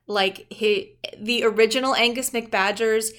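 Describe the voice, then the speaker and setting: A woman co-hosts a chatty podcast. Her voice sits fairly high, and she talks animatedly and laughs often. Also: steady tone, measured pace, a bit bright. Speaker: podcast co-host. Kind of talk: casual chat.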